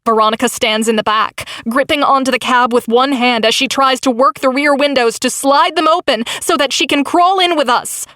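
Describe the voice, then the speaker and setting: A woman's voice: sits high, moderate pace, hardly any pauses, fairly bright tone, no room sound, clean studio sound. A woman narrating a novel in the first person with dramatic, tense storytelling. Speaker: audiobook narrator.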